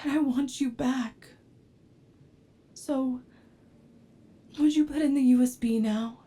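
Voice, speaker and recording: A woman voicing an obsessive, devoted android with an unstable temper in a whispered role-play, talking softly and pleading, sometimes flaring into anger. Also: sits high, steady tone, takes it slowly. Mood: apologetic, pleading. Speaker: ASMR role-play performer.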